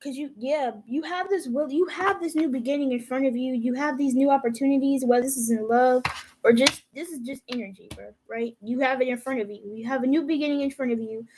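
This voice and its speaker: A woman's voice: high voice, fairly quick, noisy background. A young woman giving a casual, profane tarot reading, talking straight to her viewers. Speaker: tarot reader.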